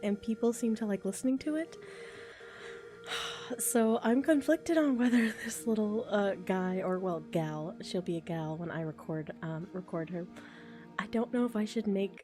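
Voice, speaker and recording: Young woman chatting on her live stream, mellow low-key voice, rambly and giggly, bit of music in the back. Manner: chatty and rambling, laughs often, thinks aloud. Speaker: ASMR voice creator streaming live. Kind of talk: casual live-stream chat reading comments. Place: home, a train passing outside.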